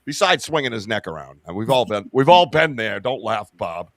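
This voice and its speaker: A man with a Boston accent, hosting a casual livestream podcast, loud and jokey. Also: lowish voice, sing-song, moderate pace, no room sound. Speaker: podcast host.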